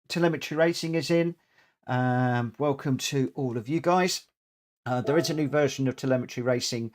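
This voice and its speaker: A man with a medium-pitched voice chats casually while live-streaming a racing game. He greets viewers in chat and pokes fun at himself. His voice sounds worn from coughing, and he is short of breath.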